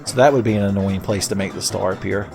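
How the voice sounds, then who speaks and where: A man's voice: low voice, fairly even intonation, quick pace, gravelly, music in the background. A young man hosting a let's play, giving casual gameplay commentary full of sarcastic, profane, rambling jokes.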